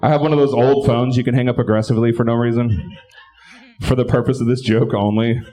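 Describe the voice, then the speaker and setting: A man doing a live stand-up set and hosting, bantering crudely with the crowd and shouting his punchlines. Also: mid-range voice, steady tone, fast talker. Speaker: stand-up comedian and show host. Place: live comedy club stage.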